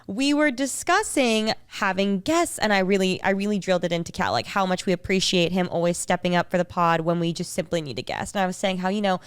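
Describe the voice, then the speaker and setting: A woman's voice: medium pitch, brisk, few pauses, smooth, no echo, clean studio sound. A woman co-hosting a podcast, telling a story in casual chat with lots of fillers. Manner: chatty storytelling with many fillers. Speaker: podcast co-host.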